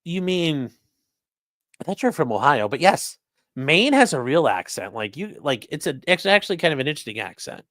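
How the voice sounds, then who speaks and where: Very animated and fairly bright, this man's voice sits on the high side at normal speed as he hosts a casual livestream, rambling while reading super chats and viewer comments aloud. He's from the Midwestern United States with a Great Lakes accent, and the clean studio sound has no room echo.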